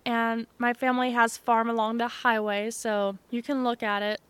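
A woman's voice: a little high, level tone, moderate pace, a bit bright, clear, resonant tone, no echo. A young woman co-hosting a podcast, telling a story in a chatty, sarcastic way. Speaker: podcast co-host. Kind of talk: casual chat.

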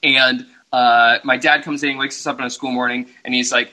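Young guy podcast cohost, husky and super bright voice, animated storyteller. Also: medium pitch, brisk, hardly any pauses, low-quality recording. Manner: storytelling, animated, laughs often. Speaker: podcast co-host. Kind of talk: casual chat.

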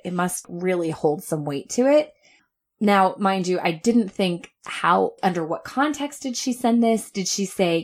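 A woman's voice: medium pitch, a little mellow. A woman in her thirties co-hosting a podcast, telling a story with lots of laughter and quoted asides. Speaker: podcast co-host. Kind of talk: casual chat.

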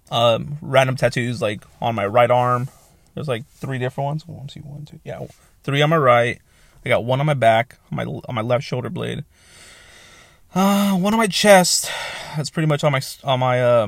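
A man's voice: medium pitch, gravelly, no room sound. A man in his thirties hosting a solo podcast from a small soundproofed home office on a new mic, talking in a rambling, casual way, swearing freely and correcting himself as he goes. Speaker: podcast host.

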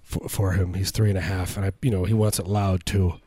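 A man in his thirties with a dark, mellow voice, chatting loosely in a dry, close-sounding room. He tells jokey stories about his kid and jumps up in pitch whenever he acts out what someone said. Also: fairly even intonation, fairly quick, husky, dry recording. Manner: jokey storyteller, acts out quotes in a raised voice. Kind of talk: casual comedic chat.

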